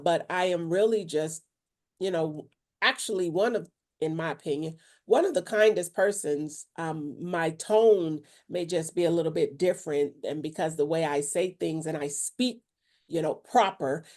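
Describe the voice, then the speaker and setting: Firm, mellow-voiced woman preacher on a podcast. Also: lowish voice, normal speed. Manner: firm, assertive, speaks with authority. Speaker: preacher, co-host. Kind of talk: casual faith podcast discussion.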